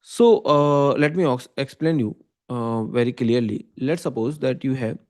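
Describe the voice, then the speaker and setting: In an unhurried, slightly mellow medium-pitched voice, a man with an Indian English accent teaches computer science online. He explains each step in turn, frequently asking "okay?" and "right?".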